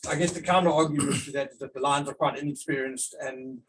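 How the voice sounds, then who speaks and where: A man's voice: fairly high pitch, fairly even intonation, quick pace, a bit bright, far from the mic, poor audio. A man, a sports journalist, sets out his reasoning in a thoughtful way before asking a coach his question. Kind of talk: asking a press conference question. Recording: off-mic in a press room with faint noise.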